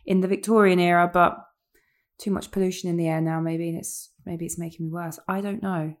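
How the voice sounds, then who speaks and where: A woman who is ill with a sore throat, co-hosting a casual podcast in a soft, low-energy, wry way. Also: steady tone, fairly quick. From United Kingdom. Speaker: podcast co-host.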